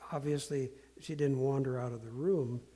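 A man telling candid stories in a self-deprecating, earnest way, halting often with fillers and restarts. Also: medium pitch, fairly even intonation, dark tone, husky. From Portland area. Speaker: speaker sharing life lessons. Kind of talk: candid storytelling talk.

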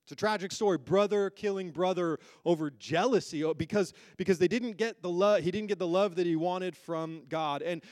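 High-voiced emphatic male preacher. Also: normal speed, hardly any pauses, darkish tone, no echo, clean studio sound. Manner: emphatic preaching with rhetorical questions. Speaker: pastor. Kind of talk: sermon. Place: church hall with a congregation.

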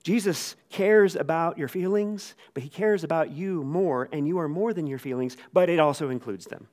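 A man preaching a sermon in a casual, conversational way. He acts out the quoted lines with lively voices. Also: a little high, normal speed. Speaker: pastor.

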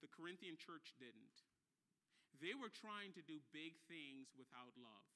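A male pastor delivering a sermon in a high, very bright voice. He leans on repetition and chatty asides to his congregation. He swells from hushed, intimate moments into loud, impassioned preaching. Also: sing-song, a little slow. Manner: repeats phrases for emphasis, conversational asides.

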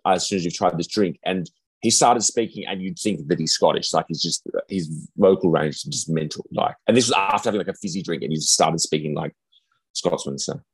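A man's voice: low voice, a little fast, slightly rough, dry recording. An Australian man co-hosting a podcast, chatting casually in an easygoing way with plenty of agreeing fillers. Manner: easygoing, lots of "yeah" fillers. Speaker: podcast co-host. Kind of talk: casual chat.

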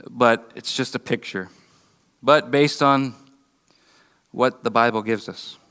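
A man preaching a sermon, earnest and halting, often restarting his words and briefly acting out mocking voices. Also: medium pitch, a bit bright, smooth, big-room sound. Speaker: pastor. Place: church building.

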